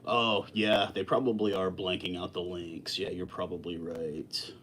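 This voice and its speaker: A man hosting a casual livestream, chatting with viewers in a relaxed, rambling way with many fillers and restarts. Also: sits low, unhurried, slight background noise. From lives in Texas. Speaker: livestream host. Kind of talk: casual live chat with viewers.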